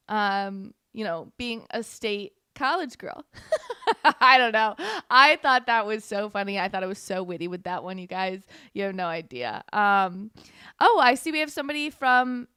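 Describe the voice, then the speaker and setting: A woman's voice: medium pitch, measured pace, sharp tone, clear, resonant tone, dry recording, studio quality. A young woman from Canada, guest hosting a casual political commentary livestream in a sarcastic, giggly, chatty way and talking to viewers in the chat. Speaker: guest host.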